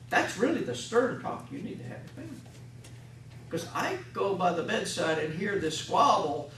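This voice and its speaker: A folksy man lectures a class on chaplaincy, slipping into little acted scenes of patients and families. His voice sits a touch high for a man. It echoes around a classroom, picked up from some distance with faint room ambience behind. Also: sing-song, moderate pace, a bit bright, slight background noise. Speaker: hospital chaplain instructor.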